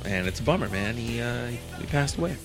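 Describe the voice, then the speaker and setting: A man's voice: mid-range voice, expressive, fairly quick, over music. A man co-hosting a casual podcast, joking and swearing in loose banter. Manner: profane, laughing banter. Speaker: podcast co-host. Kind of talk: casual chat.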